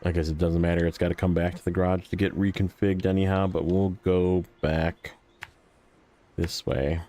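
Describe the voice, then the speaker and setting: A man's voice: low voice, flat delivery, normal speed, dark tone. A man streaming a truck-driving game, chatting casually and reading out viewers' messages with easy laughs. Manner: jokey, reads chat messages aloud and laughs easily. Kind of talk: casual live-stream chat while playing.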